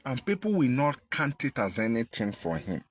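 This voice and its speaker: A man with a Nigerian Igbo accent delivering an impassioned political monologue, repeating his points and jumping in pitch for emphasis. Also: sing-song, moderate pace, husky. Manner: emphatic, repetitive, pitch leaps when stressing. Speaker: activist commentator.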